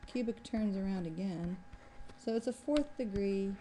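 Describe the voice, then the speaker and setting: A woman's voice: mid-range voice, unhurried, dark tone, a little hiss or hum. A woman math professor giving a recorded exam review, thinking aloud and pointing at a graph as she works through the problem.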